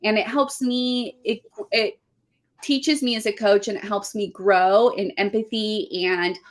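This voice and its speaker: A woman with a mid-range voice speaks a little slowly as a guest on a casual podcast interview. She's a weightlifting coach, talking earnestly and with animation about camps and self-talk.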